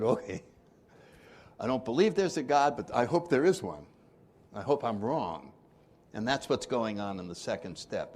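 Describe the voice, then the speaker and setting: A man's voice: mid-range voice, a little mellow, slight background noise. An older man giving an informal recovery workshop talk, joking and asking the audience questions.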